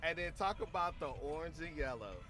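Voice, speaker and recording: Man, from Missouri, livestream host, upbeat, laughing, slightly high voice, outdoors. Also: animated, a little fast, sharp tone. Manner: upbeat, laughs often, thanks sponsors. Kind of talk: casual outdoor livestream chat. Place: outdoor tailgate area beside a stadium.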